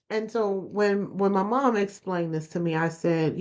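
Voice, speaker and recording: A woman with a mid-range, darkish voice delivers motivational podcast talk unhurriedly and with few pauses. She speaks earnestly to listeners, repeating phrases for emphasis, on a dull lo-fi recording.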